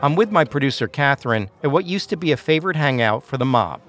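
A man hosting and narrating a true-crime podcast in a measured, scripted storytelling delivery. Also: mid-range voice, expressive, fairly bright tone, faint music behind.

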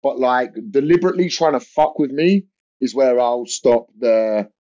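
A man's voice: mid-range voice, lively intonation, normal speed, dark tone. A young man, a comedian, telling an anecdote in casual podcast chat, rambling with lots of fillers and restarts. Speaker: comedian guest. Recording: dull lo-fi audio.

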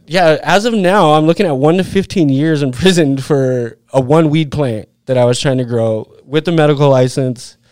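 A man in his forties tells a story loosely, swearing freely and leaning hard on "like" and "dude". His voice sits a bit high for a man and sounds smooth and resonant. The sound is dry and close, with no room around it. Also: moderate pace, few pauses, a little mellow, dry recording. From Utah, USA. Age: 40s. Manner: rambling, profane, full of "like" and "dude". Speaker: podcast guest. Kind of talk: casual storytelling.

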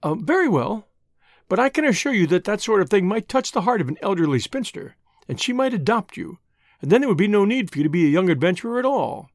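An audiobook reader voicing a spirited, scheming young woman in a brisk, teasing manner. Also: mid-range voice, sing-song, no room sound, studio quality. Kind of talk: audiobook reading.

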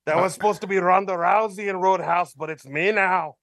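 A man's voice: sits high, fairly even intonation, brisk, vocal fry, a bit bright, no echo, studio quality. A man doing a mocking impression of a cocky, brash Irish male fighter, with a put-on Irish accent and broken grammar.

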